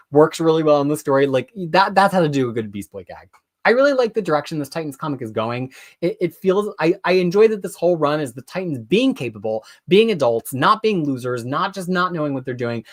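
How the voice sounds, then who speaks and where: A host of a solo live stream reviewing new comics, talking casually and excitedly, with quick restarts and bursts of emphatic ranting. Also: medium pitch.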